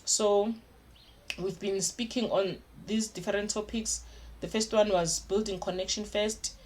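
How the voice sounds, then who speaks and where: A woman's voice: medium pitch, steady tone, a little slow, darkish tone, a little hiss or hum. A young woman giving parenting advice in an earnest, repetitive way, often restarting her sentences. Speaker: parenting vlogger. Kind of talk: casual advice talk to camera.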